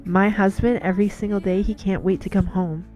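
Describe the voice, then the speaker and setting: A woman's voice: mid-range voice, steady tone, fairly quick, dark tone, soft background music. A woman giving an earnest devotional talk in a casual monologue, telling stories and repeating words as she goes.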